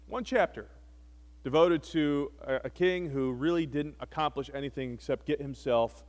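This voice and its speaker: A man preaching a sermon, retelling scripture with animated, wry storytelling asides. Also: a little high, normal speed. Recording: long hall reverb.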